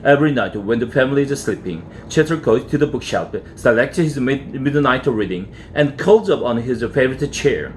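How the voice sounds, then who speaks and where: A man's voice: medium pitch, a little hiss or hum. A man with a Korean accent, an English teacher reading a children's novel aloud with careful pronunciation. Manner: careful, deliberate reading with lively intonation.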